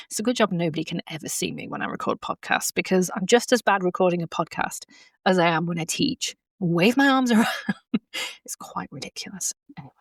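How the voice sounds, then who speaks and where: This horsemanship coach speaks in a lowish voice with lively intonation and a quick pace, with no room sound. Hosting her own coaching podcast from home on a laptop podcast mic in front of her laptop, she talks casually, full of fillers and laughter.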